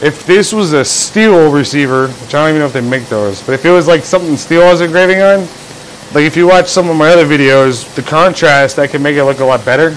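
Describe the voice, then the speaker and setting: A man chats loosely on a livestream from his shop, drifting from joke to joke. His voice sits a little high. A faint hum of noise runs under the recording. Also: fast, poor audio. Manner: rambling, jokey, acts out imagined scenes. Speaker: livestream host, engraver. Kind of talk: casual livestream chat.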